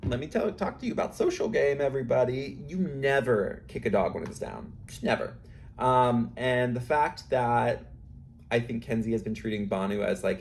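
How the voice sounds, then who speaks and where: A man's voice: mid-range voice, darkish tone. A young adult man hosting a casual recap, chatty, with many fillers and asides. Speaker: host.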